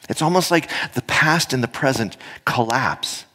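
A man's voice: mid-range voice, lively intonation, a little slow, hardly any pauses, bright, forceful tone, slightly rough. A man in his fifties speaking earnestly and reflectively to a gathering, sharing personal experience. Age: 50s. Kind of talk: reflective spoken talk to an audience.

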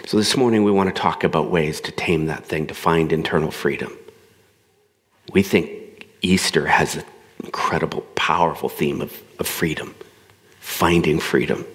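A man with a very low voice preaches a sermon to his congregation. He talks in an easy, conversational way and acts out the voices he quotes. His voice rings with the long reverb of a large hall. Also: normal speed, fairly bright tone. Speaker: pastor.

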